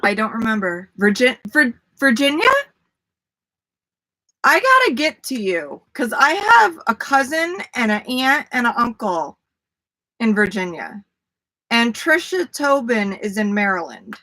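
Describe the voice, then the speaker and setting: A woman's voice: on the high side, sing-song, normal speed, hardly any pauses, pushed and bright. A woman hosting a casual livestream, chatty, talking to viewers by name and laughing easily. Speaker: livestream host. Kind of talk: casual live chat with viewers.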